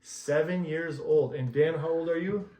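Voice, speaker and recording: A man's voice: a little high, measured pace, a little mellow, distant mic. A man hosting a casual family vlog, playful and teasing as he chats with his relatives. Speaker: vlog host. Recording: echoey room, faint background noise.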